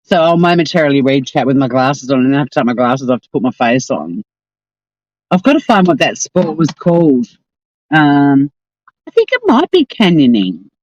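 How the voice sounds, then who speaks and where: A woman's voice: extremely low pitch, very animated, moderate pace, a little mellow, no room sound, highs cut off. A woman with an Australian accent, hosting a casual live stream and chatting in a rambling, exasperated way.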